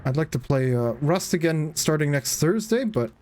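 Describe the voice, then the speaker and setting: A man's voice: a little high, animated, moderate pace, a little mellow. A tired man streaming a game live, chatting casually with rambling fillers and frequent swearing. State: tired, yawning. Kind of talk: casual live gameplay commentary.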